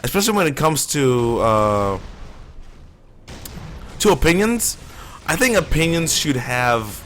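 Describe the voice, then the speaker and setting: Man streaming live gameplay, rambling opinionated chatter, mid-pitched voice, faint room noise. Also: very animated, slow pace, fairly bright tone. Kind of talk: casual live gameplay commentary.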